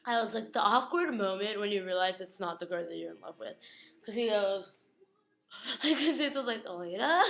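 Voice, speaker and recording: A young woman giving a casual fan recap of a TV episode, chatty and slangy, acting out scenes in quick quoted asides. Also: mid-range voice, a bit bright, low-quality recording.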